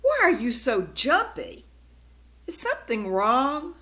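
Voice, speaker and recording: A woman's voice: high-pitched, huge pitch swings, takes it slowly, sharp tone, pitched above the performer's own voice, exaggerated voice. A woman voicing a strict but caring mother in a storybook, firm in tone. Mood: puzzled.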